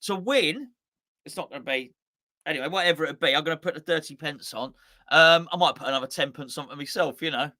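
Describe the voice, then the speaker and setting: A man's voice: on the high side, a little fast, pushed and bright. A man hosting a casual live-stream chat, rambling and often correcting himself. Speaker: host.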